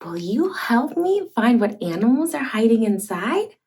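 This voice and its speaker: A young woman hosting a toddler learning video, talking in a slow, exaggerated sing-song way and playfully making animal sounds. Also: a little high, very animated, warm tone. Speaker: children's educational host.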